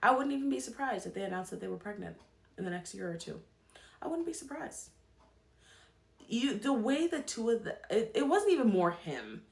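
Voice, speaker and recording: A woman's voice: fairly high pitch, expressive, normal speed, creaky, a little mellow, roomy sound. A woman hosting a podcast, giving casual commentary and repeating her points emphatically. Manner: emphatic, repeats herself for stress. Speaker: podcast host.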